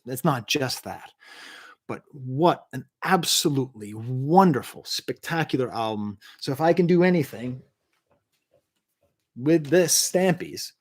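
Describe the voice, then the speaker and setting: A man of middle pitch hosts a music review livestream from his home. He ranks albums with eager, rambling enthusiasm and keeps breaking off to answer the live chat. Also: darkish tone. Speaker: music review show host.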